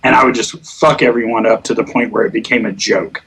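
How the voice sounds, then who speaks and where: A man's voice: fairly low pitch, fairly even intonation, fast, fairly bright tone, breathy edge. A man chatting casually about online gaming, telling stories with lots of swearing and laughter, acting out quotes. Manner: profane, laughing storyteller who acts out quotes.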